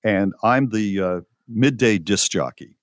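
A man's voice: on the low side, a little slow, no echo, studio quality. An older man, a podcast co-host and former radio disc jockey, telling a story in casual chat with many fillers and restarts.

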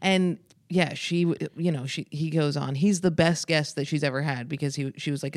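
A woman comedian who is a podcast guest, telling rambling stories with quick asides. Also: low voice, dry recording, clean studio sound. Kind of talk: casual chat.

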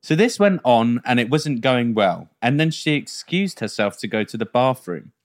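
Lively young male podcast host. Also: medium pitch, moderate pace. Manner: laughs often, teasing. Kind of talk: casual chat, reading audience stories.

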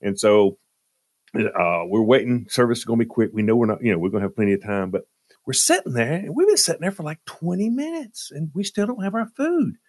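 A man's voice: mid-range voice, very animated, fairly quick, dry recording, clean studio sound. A man telling a comic story on a radio show, dramatic and exasperated as he relives it. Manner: dramatic, jumps into loud exasperated retellings.

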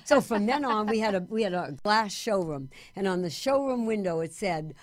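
An older woman, a guest in an interview, telling stories in a lively way and laughing often. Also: medium pitch, moderate pace, hardly any pauses, dry recording, studio quality. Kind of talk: interview conversation. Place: Los Angeles.

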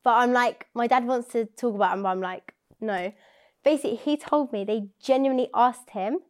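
A young woman guest talks very fast in a casual podcast chat. Her voice is a little high. She is animated and swears freely as she tells stories.

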